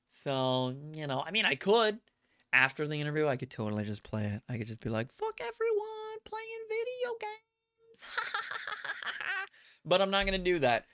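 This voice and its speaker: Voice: medium pitch, lively intonation, quick pace, fairly bright tone, smooth. A live streamer chatting casually with viewers, telling stories in a rambling way, acting out quotes and poking fun at themselves. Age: adult. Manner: rambling storyteller, acts out quotes; self-mocking.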